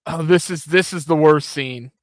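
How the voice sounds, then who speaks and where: Man, reaction show host, blunt, profane, casual commentary, high voice, dry sound. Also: normal speed, dry recording.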